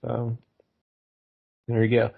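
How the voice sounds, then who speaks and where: A man co-hosting a casual podcast, recapping a comic's plot in a relaxed, wry way. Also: mid-range voice, slow pace, creaky, breathy edge, phone-quality sound. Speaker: podcast co-host. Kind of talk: casual comic review chat.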